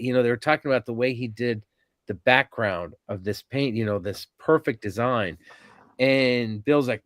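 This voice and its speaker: A man's voice: mid-range voice, normal speed, no room sound. Chatty man in his fifties spinning anecdotes. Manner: animated anecdotes with frequent ums and restarts. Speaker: podcast guest, convention organizer. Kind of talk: casual storytelling interview.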